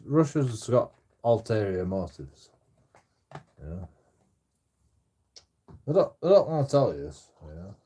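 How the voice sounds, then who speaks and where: A man's voice: deep voice, a little mellow, breathy edge. A man rambling in casual chat as a streamer, swearing constantly and stammering through restarts.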